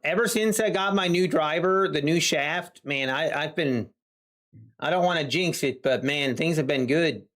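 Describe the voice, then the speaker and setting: Man, trading livestream, casual self-talk, slightly high voice, sighs and frets. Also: moderate pace, a bit bright. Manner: self-talking, exasperated, sighing. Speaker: livestreaming day trader. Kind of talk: casual live-stream chat.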